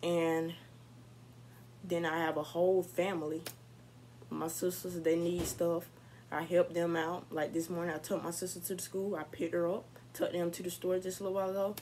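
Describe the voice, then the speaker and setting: A young woman talks to her camera in a chatty, candid, upbeat way. Her voice sits a little low for a woman. A faint hiss runs under the recording. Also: little pitch movement, moderate pace, darkish tone, rough recording. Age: young adult. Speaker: vlogger. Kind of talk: casual vlog talk to camera.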